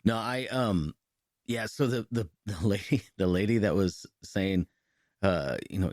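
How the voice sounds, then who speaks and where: A man's voice: on the low side, unhurried, a little mellow, no room sound, clean studio sound. Laughing man telling prank-call stories. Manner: laughing storyteller acting out prank calls in silly voices. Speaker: podcast co-host. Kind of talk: casual chat.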